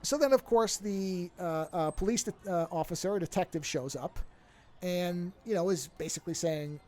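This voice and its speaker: A man's voice: high voice, moderate pace, warm tone. A man co-hosting a podcast, casually retelling a film plot in a rambling way and correcting himself as he goes. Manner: rambling storyteller, corrects himself mid-story. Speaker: podcast co-host.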